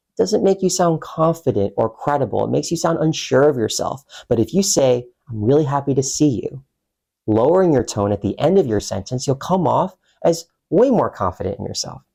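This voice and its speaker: Man, speaking coach, gravelly voice, darker tone, measured, emphatic, instructional. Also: mid-range voice, mellow. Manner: measured, emphatic, slows down to stress key words. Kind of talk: instructional talk to camera.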